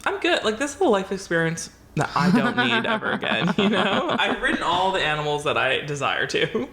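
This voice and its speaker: Expressive female podcast co-host, casual storyteller who swears freely; slightly echoey room. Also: lowish voice, brisk, a loud crowd. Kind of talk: casual chat, animated storytelling. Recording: roomy echo.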